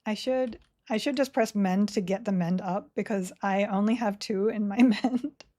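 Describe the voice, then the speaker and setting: A woman's voice: medium pitch, dark tone. A woman chatting casually with viewers on a live game stream, laughing often and running her words together. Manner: chatty, laughs often, reads chat aloud; talks slowly, words run together. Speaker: streamer playing an online game.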